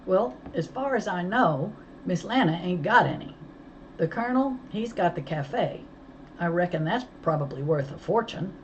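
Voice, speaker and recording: A woman voicing a feisty, hot-tempered young girl who talks loud and snappy in a storybook reading. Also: lowish voice, lively intonation, normal speed, dull audio, a little hiss or hum, voice pushed up. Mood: sheepish.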